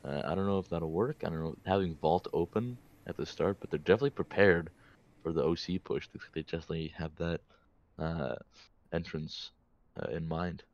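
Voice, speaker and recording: A man giving relaxed esports color commentary, recapping the plays step by step. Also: deep voice, fairly quick, muffled recording.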